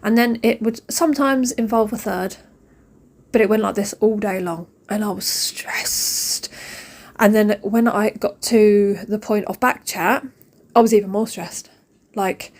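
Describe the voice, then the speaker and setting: A woman's voice: mid-range voice, fairly even intonation, unhurried, darkish tone. A British woman, a mum vlogger in her thirties, ranting casually and emphatically, repeating phrases for effect. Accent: British English. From United Kingdom.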